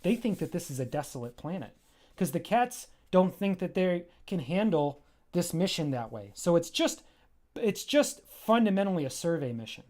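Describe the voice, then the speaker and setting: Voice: medium pitch, very animated, normal speed, a little mellow. A comic creator reads through their own graphic novel on a livestream, pointing out drawings and chatting along the way. The delivery is casual, enthusiastic and a bit rambling, with a mid-range voice.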